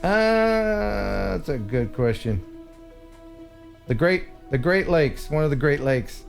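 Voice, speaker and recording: Guy hosting a stream, bouncy high-ish voice, laughs a lot, music going soft behind. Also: slow, gravelly. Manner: animated, chuckling storyteller. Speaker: livestream host. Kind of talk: casual chat.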